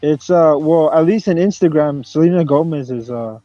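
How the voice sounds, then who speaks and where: A man with a slightly high yet mellow voice hesitates and repeats words in casual chat. The sound is dry and a little dull, with faint music. He often says "bro". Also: normal speed, no echo.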